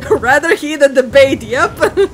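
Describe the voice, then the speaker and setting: Woman, game streamer, high voice, slow easygoing delivery, giggly, playful teasing. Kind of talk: casual live-stream chat.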